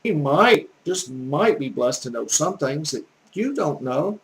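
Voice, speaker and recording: A man's voice: a little high, big pitch swings, measured pace, rough recording. An older man with a Southern US accent, telling folksy, earnest stories in a casual rambling monologue as a language teacher. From American South, Gulf Coast. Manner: folksy, earnest, preachy storytelling.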